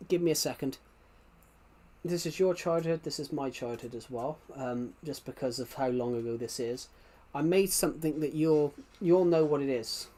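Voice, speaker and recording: Medium in pitch and warm in tone, this British man talks loosely during a game stream, rambling and often circling back to repeat himself. Because his mic is set a little away behind his laptop, he sounds slightly distant.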